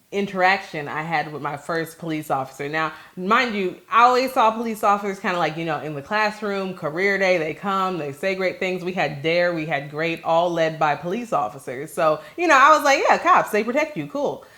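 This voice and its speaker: Young adult woman, host, from Maryland, animated storyteller, low-ish voice, casual chat. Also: normal speed. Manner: animated storyteller who acts out quoted voices. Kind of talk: casual conversation, telling a personal story.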